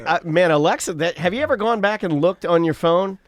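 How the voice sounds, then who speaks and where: A man hosting a casual chat, excitable and joking, with plenty of profanity. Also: high-pitched, fast. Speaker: host.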